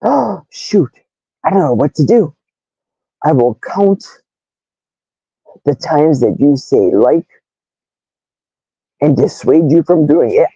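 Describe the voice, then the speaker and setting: Lively sixties woman livestreaming, slow and dry. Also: low-pitched, husky, no room sound, lo-fi sound. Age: 60s. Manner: rambling, reads chat comments aloud. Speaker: livestream host. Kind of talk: casual livestream chat.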